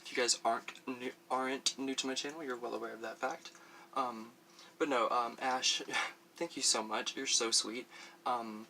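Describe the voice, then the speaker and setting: A man's voice: mid-range voice, steady tone, moderate pace, creaky, background noise. A man chatting through a casual makeup review for his vlog, rambling with many fillers and frequent laughs while he does his makeup on camera at home. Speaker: beauty vlogger.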